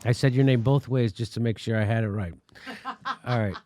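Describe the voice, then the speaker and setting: A man's voice: medium pitch, a little fast, dry recording. Dry-voiced man hosting political commentary. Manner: animated, mocking and profane. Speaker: show host.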